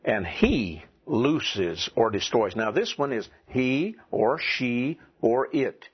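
Southern male teacher, slow, husky voice, dull lo-fi classroom tape. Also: mid-range voice, animated. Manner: slow, deliberate, drills pronunciation. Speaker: Greek teacher. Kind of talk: classroom lecture.

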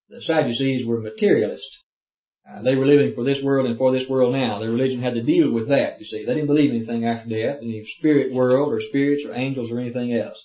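A man's voice: mid-range voice, fairly even intonation, brisk. A man teaching a Bible class, reading verses aloud and explaining them in plain talk. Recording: roomy, dull lo-fi tape.

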